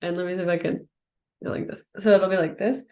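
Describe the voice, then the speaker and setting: A woman's voice: fairly low pitch, fairly even intonation, fast talker, dark tone. Woman yoga teacher, live online class, casual and explanatory, demonstrating as she goes.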